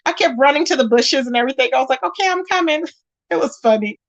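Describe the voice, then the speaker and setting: A high-pitched woman hosting a gossip livestream in a casual, talkative way. She stays emphatic and greets her viewers by name between points. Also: quick pace, muffled recording. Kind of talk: casual live-stream chat.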